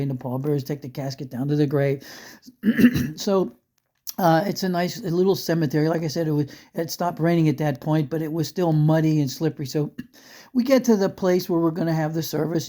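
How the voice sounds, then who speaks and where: Man, storyteller, warm relaxed tone, rambling with restarts, chuckling. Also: on the high side. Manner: conversational, rambling with restarts and asides; chuckles through funny moments. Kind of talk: spoken storytelling.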